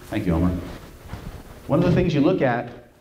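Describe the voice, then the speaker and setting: A man presenting a live seminar to an audience, animated and joking, who keeps checking in with "right?". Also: mid-range voice, normal speed. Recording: roomy room with faint noise.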